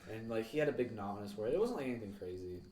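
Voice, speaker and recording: Racing through casual storytelling, this young man co-hosts a podcast and rambles through profane school stories, swearing and performing the voices of the people involved. His voice is fairly low, expressive and mellow, recorded in an echoey room from a distant mic with slight background noise.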